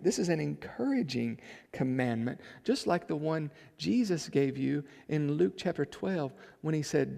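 A man preaching a sermon, moving between soft passages and loud emphatic build-ups. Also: a little high, animated, moderate pace, creaky, big-room sound. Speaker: pastor.

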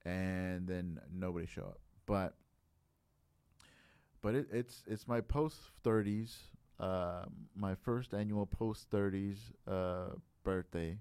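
A man's voice: low voice, takes it slowly, a little mellow, clear, resonant tone, dry recording. A man in his late thirties chatting casually on a podcast, reflective and rambling, full of filler phrases. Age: late 30s.

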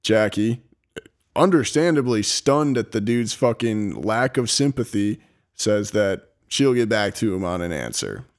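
A man's voice: lowish voice, animated, unhurried. Casual young man telling a story. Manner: profane, laughing, reads from a script. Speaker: podcast host. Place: apartment. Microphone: laptop.

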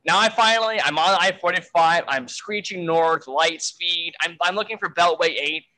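A man's voice: a little high, normal speed, pushed and bright, low-quality recording. A man telling a frantic story in a casual way, full of fillers and swearing. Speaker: guest storyteller.

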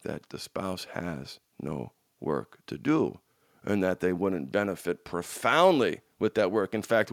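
A man coaching an audience in a motivational talk, emphatic and repetitive, swinging from loud bursts to hushed lines, with frank, salty language. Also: fairly high pitch, no room sound, clean studio sound. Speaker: addiction recovery coach.

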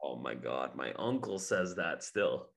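A man's voice: very deep voice, very animated, a little slow, gravelly, fairly bright tone. A young man from New England, talking loosely in casual chat with lots of fillers.

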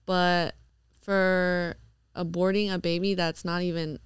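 A woman's voice: lowish voice, level tone, slow, clean tone, dry recording, clean studio sound. A woman talking bluntly in a casual podcast chat, swearing freely and laughing easily. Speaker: new podcast member.

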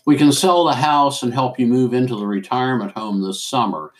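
A man's voice: mid-range voice, a little fast, close to an everyday voice, low-quality recording. A man voicing an earnest young divinity student.

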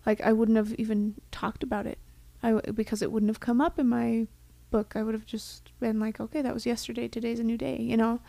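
Young woman, heartfelt and reflective co-host, higher voice, dry recording. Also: flat delivery, brisk, vocal fry, few pauses, warm tone, no echo. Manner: heartfelt, reflective, drops to a whisper for quoted thoughts. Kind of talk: casual chat.

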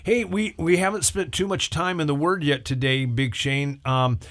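A man's voice: fairly high pitch, normal speed, a bit bright. A man, a pastor, hosting a church call-in radio show in a talkative, upbeat way and leading prayer. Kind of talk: casual radio chat.

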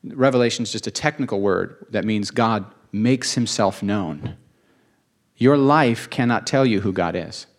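A man's voice: fairly low pitch, unhurried. A man preaching a sermon, earnest and emotional, repeating phrases for emphasis.

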